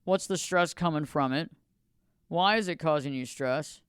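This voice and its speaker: A man with a fairly high, smooth and resonant voice hosts a motivational podcast. He preaches in long repeated lists of phrases. The sound is close and dry, with no room around it. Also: measured pace, a bit bright, no room sound. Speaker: podcast host. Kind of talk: motivational solo podcast talk.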